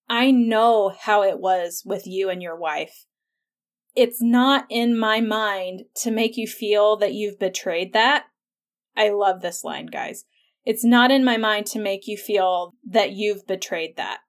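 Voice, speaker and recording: A woman hosting a podcast, talking through a TV episode in a casual, chatty way, with lots of "like" and quick laughs. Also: on the high side. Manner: chatty and animated, many "like" fillers and laughs. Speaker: podcast host.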